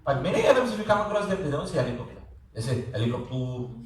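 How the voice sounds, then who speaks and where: A male lecturer explains things in a loose, conversational way, circling back on words and checking in with his students. His voice sits slightly high and carries from a distance. The room around him is very echoey. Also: very animated, racing, slight background noise. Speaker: teacher. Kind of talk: classroom lecture. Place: classroom. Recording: echoey classroom, voice from far off.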